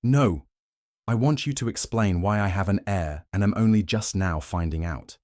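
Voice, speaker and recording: A man's voice: fairly low pitch, normal speed, mellow, no room sound, studio quality, lightly acted. A man voicing a proud male werewolf alpha who growls out his demands. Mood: demanding.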